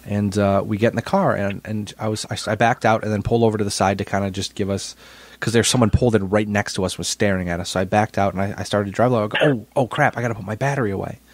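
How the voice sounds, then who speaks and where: A man's voice: fairly low pitch, level tone, fast talker, no room sound. A man co-hosting a podcast, telling a story in casual chat and often repeating his words. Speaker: podcast co-host.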